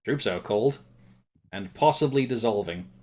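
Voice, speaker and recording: A man with a lowish voice narrates as game master of a tabletop game. His pitch swings widely as he describes the action, and he drops in wry asides and laughs. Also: lively intonation, unhurried.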